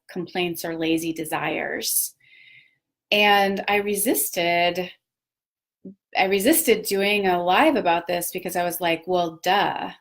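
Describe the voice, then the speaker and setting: A woman, a parent, hosting a casual live talk on personal growth, chatty and reflective, with many fillers and self-corrections. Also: mid-range voice. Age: adult parent of children. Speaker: host of a live video talk.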